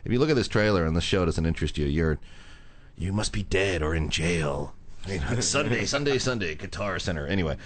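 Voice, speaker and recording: A man's voice: low-pitched, lively intonation. A man hosting a radio talk show in casual chat, rambling and interrupting himself as he goes. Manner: fast, rambling, self-interrupting.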